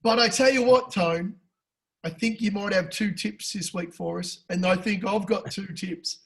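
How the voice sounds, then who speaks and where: An Australian man with a high-pitched voice talks racing tips in a rowdy, profane way. He gets fired up and loud, then drops to a low mutter for jokes. It is casual podcast banter between mates. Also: moderate pace, gravelly, poor audio. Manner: loud, crude and excitable, swears a lot. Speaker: podcast co-host. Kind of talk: casual betting tips chat.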